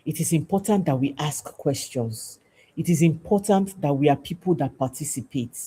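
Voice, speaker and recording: A woman's voice: low voice, animated, moderate pace, mellow, breathy edge. A woman, hosting a show and giving an emphatic, preachy talk that repeats phrases for stress. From Nigeria. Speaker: podcast host. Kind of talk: passionate civic talk to camera.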